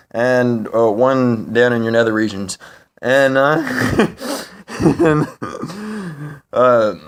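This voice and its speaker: It's a casual monologue from a man vlogging to camera, rambling and profane, packed with filler words and restarts. His voice goes up in pitch and volume whenever he gets worked up.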